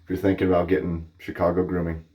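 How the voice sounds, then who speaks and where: A man's voice: low-pitched, completely flat delivery, fast, warm tone. A man from Texas hosting a wet shaving channel, chatting casually while he shaves, rambling with friendly asides and self-corrections.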